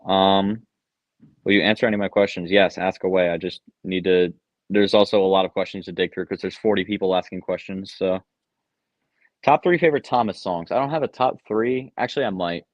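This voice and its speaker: Low-voiced young man, casual stream chat. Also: brisk, no room sound. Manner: relaxed, offhand, many ums and uhs. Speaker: streamer answering chat questions. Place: basement room at home. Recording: dull lo-fi sound.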